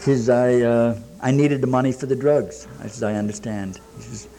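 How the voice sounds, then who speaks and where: Sharing at a recovery meeting, a man tells a live audience his own story in plain words, quoted exchanges and dry jokes. His medium-pitched voice is dark with vocal fry, fairly even in intonation, at normal speed.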